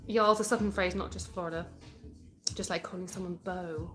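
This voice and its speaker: A woman's voice: lowish voice, fairly even intonation, normal speed, soft background music. A British woman from England in her thirties, chatting casually on a home live stream and answering viewer comments. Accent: British English. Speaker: livestream host. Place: indoors at home.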